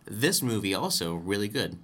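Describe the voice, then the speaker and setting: This co-host's lowish voice has a sing-song lilt and a fairly bright tone, delivered at a moderate pace. He chats casually about a film on a podcast, wandering off track, fixing his own statements, and laughing easily.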